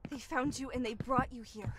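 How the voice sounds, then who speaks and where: An actress playing a woman urgently warning her friend of danger in a horror game, tense and hushed. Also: high voice, moderate pace, natural voice. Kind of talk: scripted game voice acting.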